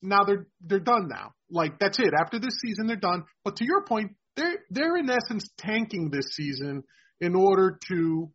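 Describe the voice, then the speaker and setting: A man's voice: high-pitched, very animated, moderate pace, fairly bright tone, husky, highs cut off. A man hosting a casual sports podcast. He explains things at length and keeps checking in with "right?". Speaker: podcast host.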